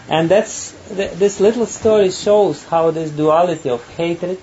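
A man giving a spiritual talk, telling a parable in a halting way and laughing often. His voice is somewhat high yet dark and mellow. The recording sounds dull and has faint background noise. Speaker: spiritual teacher.

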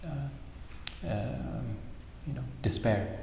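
A man's voice: mid-range voice, extremely slow, creaky, mellow, a little hiss or hum. A man giving a spiritual talk, animatedly telling a fable and sprinkling in Sanskrit terms. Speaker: spiritual speaker. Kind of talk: sermon with storytelling. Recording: echoey hall with long reverb.

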